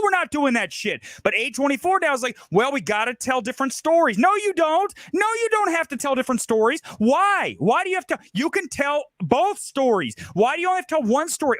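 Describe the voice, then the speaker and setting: A man's voice: very high voice, a bit bright, no echo, clean studio sound. A middle-aged man from Ohio hosting a film commentary show, ranting with emphatic, repeated rhetorical questions. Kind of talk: ranting monologue.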